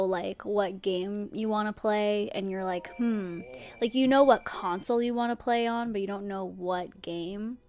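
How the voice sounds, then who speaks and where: Slow-talking young woman streamer chatting casually. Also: mid-range voice, darkish tone. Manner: chatty, giggly, lots of fillers like "like" and "um". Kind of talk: casual gameplay livestream chat.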